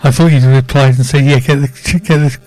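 A man's voice: mid-range voice, level tone, brisk, a little mellow, no echo, faint music behind. An older man co-presenting a radio show, telling a wry story in casual chat.

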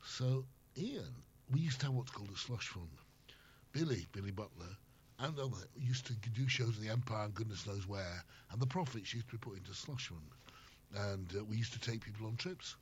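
Speaking at a moderate pace in a lowish, animated voice, this former radio host, now an older man, is a guest in a casual interview and wanders through long anecdotes. The audio sounds a bit muffled and carries a faint hiss of noise.

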